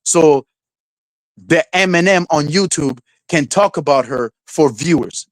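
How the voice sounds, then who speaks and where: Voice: mid-range voice, unhurried, slight background noise, poor audio. A streamer host in a casual livestream rant, swearing freely, laughing often and mocking people with silly voices.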